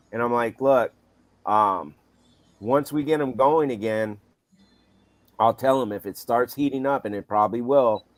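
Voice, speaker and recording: A man's voice: mid-range voice, dry recording. A man co-hosting a casual car show, chatting at length with frequent repeats and restarts. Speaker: show co-host. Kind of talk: casual chat.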